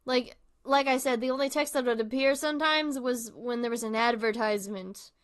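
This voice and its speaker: Into a close microphone, a woman hosting a livestream offers casual reaction commentary, chatty and rambling with lots of fillers. She has a fairly high, clean-toned voice that stays steady, and she speaks at a normal speed.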